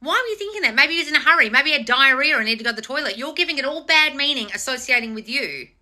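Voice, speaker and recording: High and fast, this woman's voice carries her live stream as a manifestation coach. She talks straight to viewers, answering their comments with blunt, sweary replies, animated teasing, and frequent mocking impressions.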